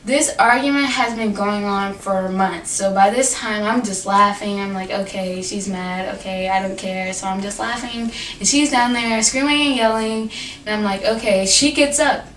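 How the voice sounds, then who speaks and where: A teenage girl casually telling a storytime to her vlog camera, animated and full of fillers and quoted dialogue. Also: a little high, normal speed. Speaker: vlogger. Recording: echoey room from a distance, faint noise.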